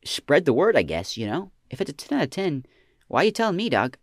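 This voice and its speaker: Animated young man, slacker comedy drawl. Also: on the high side, a little fast, no echo, studio quality. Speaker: podcast host answering listener questions. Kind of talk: deadpan comedic podcast banter.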